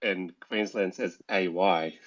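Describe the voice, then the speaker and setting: A man's voice: deep voice, fairly even intonation, slow pace. A man joking and laughing often in a casual podcast chat. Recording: lo-fi audio with chatter behind.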